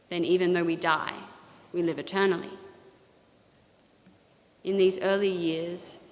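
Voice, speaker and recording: A woman giving a measured, thoughtful talk on poetry in a large church. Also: fairly low pitch. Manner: measured, thoughtful, with occasional restarts. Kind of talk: reflective lecture in a church. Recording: long reverb of a large hall.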